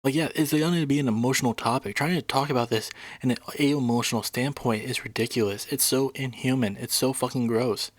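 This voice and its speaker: A man's voice: medium pitch, fairly even intonation, a little fast, few pauses, dry recording. A man commenting casually on a debate clip, indignant and swearing freely. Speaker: reaction video host.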